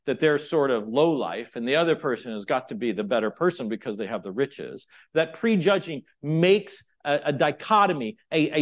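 A middle-aged man preaching a sermon, moving between loud, emphatic points and quiet, chatty asides to the congregation. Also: mid-range voice. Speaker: pastor.

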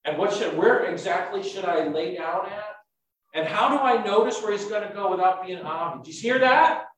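A man preaching a sermon with a somewhat high voice, his lines climbing into emphatic, repeated bursts. He stands well away from the mic, and the room rings with heavy echo. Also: moderate pace, fairly bright tone. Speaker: pastor. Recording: echoey room, speaker far from mic.

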